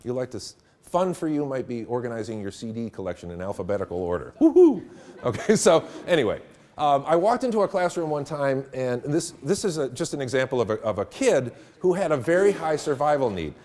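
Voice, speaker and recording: A middle-aged man lectures a room of teachers at a workshop, his pitch rising and falling with plenty of life. He tells anecdotes in an animated way and breaks into laughter along the way. His voice sits at an ordinary pitch for a man. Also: fairly quick. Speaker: teacher trainer. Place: room with a live audience.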